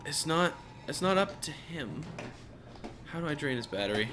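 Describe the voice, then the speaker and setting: Bright-voiced man talking through a game. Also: big pitch swings, normal speed, slight background noise. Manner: emotional, thinking aloud, jumping to high exclaims. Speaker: let's play commentator. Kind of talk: gameplay commentary.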